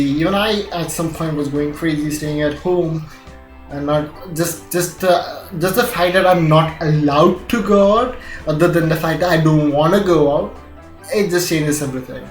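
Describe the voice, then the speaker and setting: Joking young Indian man, echoey room. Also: fairly high pitch. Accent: Indian English with British-leaning vowels. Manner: laughs often, swears casually, jumpy joking asides. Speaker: gaming channel vlogger. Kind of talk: casual rambling vlog. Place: home room, recording near a window. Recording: echoey room with faint music.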